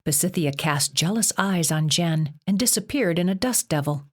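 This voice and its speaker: A woman narrating an audiobook in an even, measured reading style. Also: on the low side. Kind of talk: scripted narration.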